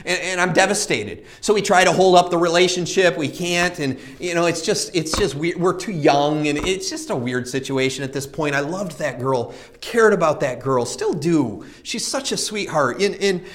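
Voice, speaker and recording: A man's voice: a little high, normal speed, few pauses, a bit bright. A man preaching a sermon, telling a personal story with earnest repetition and frequent rhetorical questions.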